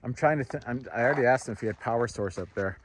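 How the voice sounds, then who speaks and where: A man vlogging outdoors while walking his dog, rambling and thinking out loud with fillers, and slipping into high sing-song baby talk when he talks to the dog. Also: very fast, slight background noise. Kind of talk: casual outdoor vlog chat. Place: outdoors, walking near trees. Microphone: handheld camera.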